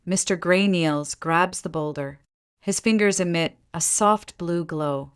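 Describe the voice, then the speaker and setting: Slow low-voiced woman narrating a recap. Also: smooth. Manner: even storytelling, voices every character lightly.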